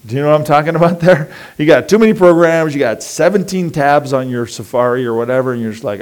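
Male pastor, relaxed talky sermon delivery, slips into quick imitations of worried thoughts. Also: medium pitch. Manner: conversational and animated, acting out inner voices.

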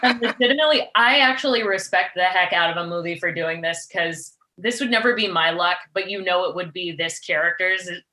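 A woman's voice: fairly low pitch, a little fast, hardly any pauses, pushed and bright. A woman co-hosting a casual movie review chat, chatty and retelling scenes playfully. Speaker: podcast co-host.

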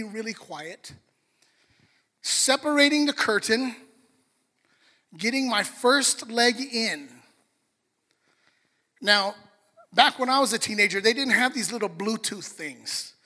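Middle-aged preacher guy, high bright voice, storytelling sermon, big echoey church. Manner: storytelling, animated, addresses the congregation. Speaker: pastor. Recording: long hall reverb.

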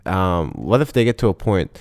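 A man's voice: low-pitched, big pitch swings, normal speed, gravelly, dry recording, clean studio sound. A man co-hosting a casual chat, loose and joking, laughing often. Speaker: podcast co-host.

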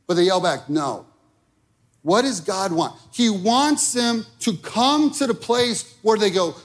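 A man's voice: high-pitched, expressive, unhurried. A man preaching a sermon, conversational and direct, checking in with the listeners often. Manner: conversational preaching with frequent okay and right. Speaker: pastor.

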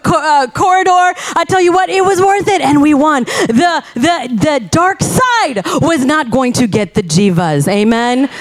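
A woman pastor preaching with a very high, light voice. She tells her story in an animated way, doubling key phrases for emphasis as she builds toward her point. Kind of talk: sermon.

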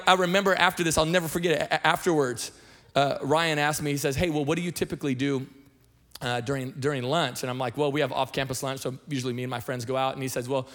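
A middle-aged man from Washington state, a senior pastor telling his testimony in a sermon, talking fast and conversationally with many restarts and repeated words. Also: medium pitch, bright, forceful tone. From Washington state, USA.

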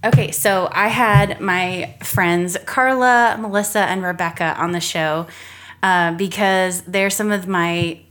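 A woman's voice: lowish voice, steady tone, a bit bright. A woman from Florida hosting a podcast, chatting casually and laughing easily as she talks. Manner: chatty and giggly, quick to laugh. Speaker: podcast host.

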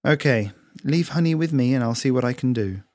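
Male reader doing a soft, purring female cat groomer, calm and caring, pitched up, dry close read. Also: brisk, no echo, close to an everyday voice. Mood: soothing. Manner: low, even, almost purring voice.

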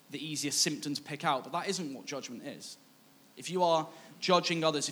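A man's voice: medium pitch, fairly bright tone. A man preaching a sermon, in a conversational, self-mocking way that acts out past dialogue. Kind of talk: sermon with personal storytelling.

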